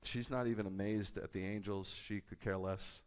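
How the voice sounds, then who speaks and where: A man, a rabbi, preaching a sermon with a conversational manner and bursts of loud, emphatic delivery. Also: on the low side, normal speed. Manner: animated, rising to loud emphatic peaks. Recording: hall with long reverb.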